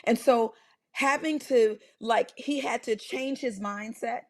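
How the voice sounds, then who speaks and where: A middle-aged woman doctor telling a personal story in a health talk, animated, with many restarts and fillers. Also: fairly high pitch, slow.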